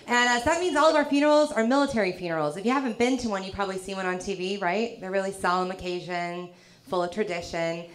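A woman from the South, performing a stand-up comedy set with a dry, teasing delivery and quick punchlines. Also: mid-range voice. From American South. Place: comedy club stage. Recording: live club with loud crowd laughter. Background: audience laughter.

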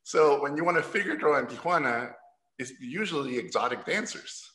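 Bright-voiced, animated storyteller man. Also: mid-range voice, brisk. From Mexico. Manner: animated, laughing, acts out quoted voices. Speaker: guest animator. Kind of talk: casual storytelling at a talk. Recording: roomy echo.

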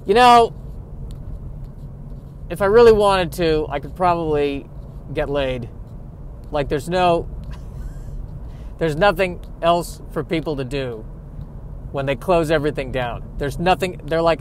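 Rambling self-deprecating man, slightly high voice. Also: expressive, a little slow, pauses often, slight background noise. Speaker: podcast host. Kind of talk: casual monologue. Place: in a car while driving.

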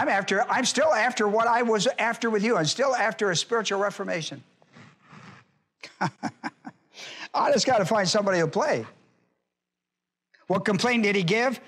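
A man preaching a sermon in church in a folksy way, hollering at times and then dropping low, and acting out quoted voices. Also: fairly bright tone. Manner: acts out quoted voices in a high pitch. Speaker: pastor.

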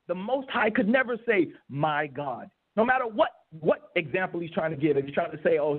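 A man's voice: on the high side, breathy edge. A man giving an emphatic debate rebuttal, repeating key phrases for stress. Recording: tinny phone-line audio.

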